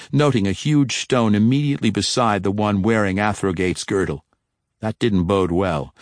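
A man narrating a fantasy audiobook in a measured, steady storytelling manner on a close mic. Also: lowish voice, no room sound.

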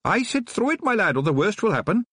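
A man's voice: high voice, big pitch swings, quick pace, fairly bright tone, slightly rough, no room sound, clean studio sound, pitched above the performer's own voice, full character voice. A man voicing a sinister, honeyed old witch who runs a shop, gleeful and menacing. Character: sinister sugary old woman witch shopkeeper. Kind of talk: audiobook character voice.

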